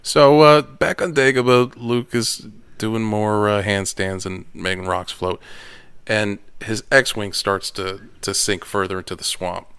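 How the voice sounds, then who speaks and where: A man hosting a casual chat, retelling a film in an animated, profane way. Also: fairly low pitch, unhurried, clear, resonant tone.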